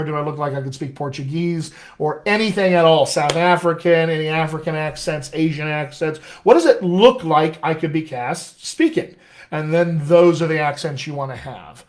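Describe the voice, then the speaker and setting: A man working as a dialect coach, answering viewer questions in a casual live-stream chat with an upbeat, chatty manner. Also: fairly high pitch.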